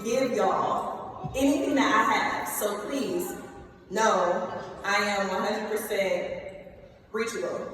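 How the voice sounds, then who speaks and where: A young woman from Ohio giving a commencement speech, talking straight to the students with lively asides and frequent "okay?" check-ins. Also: medium pitch. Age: late 20s. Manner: lively, addresses the students directly with "y'all" and "okay?". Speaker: commencement speaker. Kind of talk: motivational speech. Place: large hall. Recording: echoey hall, heard from a distance.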